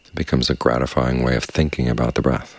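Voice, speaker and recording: A man giving a dharma talk as meditation teacher, speaking in a calm, measured, unhurried way. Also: very deep voice, no room sound. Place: quiet meditation space with crickets outside.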